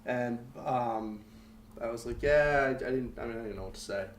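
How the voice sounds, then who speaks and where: A man's voice: medium pitch, moderate pace. Candid young man, echoey room. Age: young adult. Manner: candid, rambling, heavy with fillers. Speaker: podcast guest. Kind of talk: personal storytelling in conversation. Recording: roomy echo, faint background noise.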